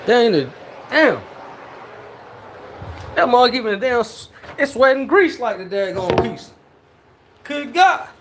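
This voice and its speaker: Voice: medium pitch, sing-song, takes it slowly, long pauses. Hyped, exclamatory home cook vlogger, noisy kitchen. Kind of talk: excited cooking vlog, talking to the chat. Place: home kitchen with the fan running. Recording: noisy, with kitchen fan hum.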